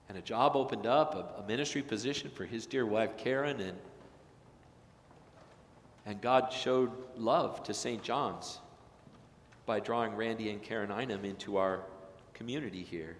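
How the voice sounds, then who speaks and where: Impassioned preacher in an echoing sanctuary. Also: male voice, medium pitch. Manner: impassioned, swings from loud emphatic peaks to hushed slow phrases. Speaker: pastor. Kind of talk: sermon. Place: church sanctuary.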